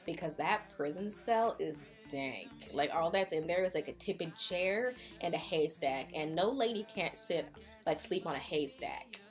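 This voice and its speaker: A woman retelling a fussy enchanted candlestick from a cartoon film. He nudges and coaxes in a low, casual voice. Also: lively intonation, a little slow, soft background music. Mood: coaxing. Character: fussy helpful male candlestick servant.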